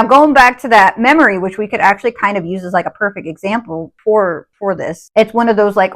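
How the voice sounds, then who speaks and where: A young adult woman telling stories to camera at home, rambling with lots of fillers and getting animated over old memories. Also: mid-range voice. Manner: rambling, lots of fillers like "like" and "you know what I mean"; chatty, animated when retelling memories. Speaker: witchcraft content creator. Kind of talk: casual storytelling to camera. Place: at home by an open window.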